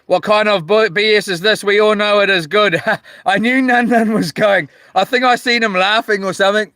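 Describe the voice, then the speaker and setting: A man with a New Zealand accent talks in a relaxed, slangy way on a casual live stream. His voice sits a touch high and sounds bright and crisp. The sound is dry and close, and he chats from a small boat outdoors. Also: normal speed, no room sound. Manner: laid-back, slangy, reads viewer comments aloud. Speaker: livestreaming fisherman.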